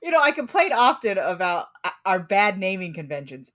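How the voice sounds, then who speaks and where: Podcast co-host, woman, mid-pitched, quick jokes and playful bits. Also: big pitch swings, a bit bright. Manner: jokey, puts on quick silly voices. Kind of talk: casual chat.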